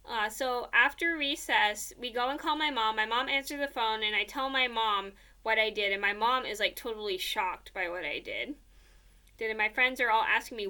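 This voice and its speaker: A woman's voice: on the high side, normal speed, pushed and bright. A young woman casually telling a personal story, rambling with many fillers and repeated "blah, blah, blah.".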